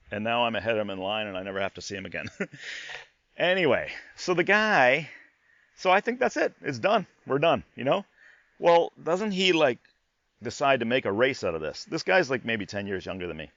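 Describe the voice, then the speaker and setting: Animated man telling a story. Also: mid-range voice, no room sound, dull audio. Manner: animated, repeats himself, swears in disbelief. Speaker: podcast host. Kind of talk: casual storytelling monologue.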